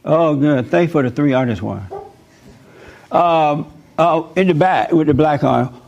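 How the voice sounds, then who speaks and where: An emphatic man talking to a room full of listeners in a fairly high voice. He preaches and jokes in turns and acts out the people in his stories. His delivery is lively and direct. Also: unhurried, gravelly, muffled recording. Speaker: host speaking to a live group. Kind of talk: animated preaching talk with anecdotes.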